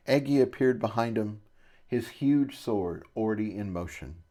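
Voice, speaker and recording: A man's voice: lowish voice, a little mellow. A man narrating a first-person novel aloud in a casual way, recorded on a phone. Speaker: audiobook narrator.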